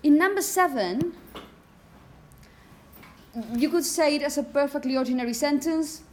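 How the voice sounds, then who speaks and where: Higher-voiced woman teaching phonetics. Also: normal speed, a little hiss or hum. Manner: explanatory, checks in with "okay?" and "yeah?"; demonstrates rhythm by chanting example phrases. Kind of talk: lecture to teachers.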